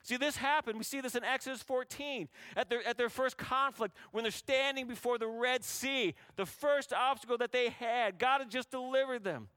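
A man delivers a sermon in a high, bright voice that stays smooth and clear. He keeps pressing listeners with rhetorical questions and voices scripture characters with rising intensity. The sound is dry and close. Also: moderate pace, hardly any pauses, dry recording. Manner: preaching with rhetorical questions to a congregation; acts out biblical speakers in raised voice. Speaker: pastor.

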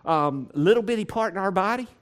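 A pastor preaching a sermon to his congregation in a church, repeating phrases and building to loud, emphatic peaks. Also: sits high, animated, brisk. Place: church sanctuary.

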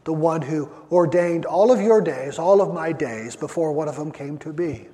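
A man's voice: fairly high pitch, normal speed, mellow. A man preaching a sermon, emphatic, drawing out his phrases and often repeating words as he builds a point. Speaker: pastor. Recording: long hall reverb.

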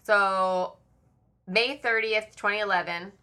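A woman with a bright, forward voice hosts a casual true-crime chat. She reads dates and news reports from her notes and breaks off into chatty asides. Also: medium pitch, fairly even intonation, slow, clean tone. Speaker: podcast host.

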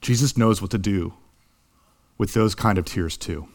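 A young man preaching a sermon in an earnest way, slowing down on key words and rising at the high points. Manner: earnest, slows for emphasis, rises in pitch at high points. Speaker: pastor.

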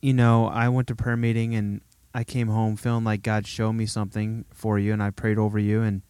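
A man's voice: fairly low pitch, level tone, brisk, a little mellow, clean tone, dry recording. A man from Nebraska co-hosting a casual podcast chat with his wife, joking and playful. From Omaha, Nebraska. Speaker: podcast co-host.

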